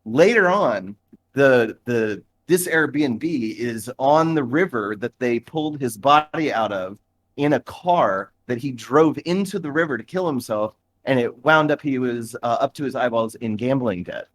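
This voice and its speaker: A man telling a story on a casual podcast, stumbling over his words with frequent ums, uhs and restarts. His voice sits in an ordinary middle pitch, and he talks in a loose, chatty way. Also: animated, a little slow. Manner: rambling, many fillers and restarts. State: shivering in a cooling bath. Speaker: podcast co-host.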